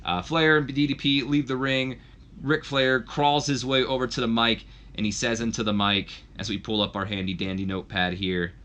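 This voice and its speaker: A man's voice: medium pitch, steady tone, normal speed, bright, forceful tone. A man casually narrating a wrestling game session, rambling with fillers. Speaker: let's play host.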